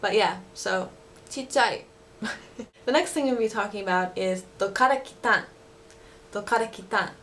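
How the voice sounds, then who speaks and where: A woman's voice: mid-range voice, normal speed, pauses often, fairly bright tone, slight background noise. A young woman teaching words in a casual lesson, chatty, laughing often and using many fillers. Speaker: language teacher vlogger. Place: living in Osaka.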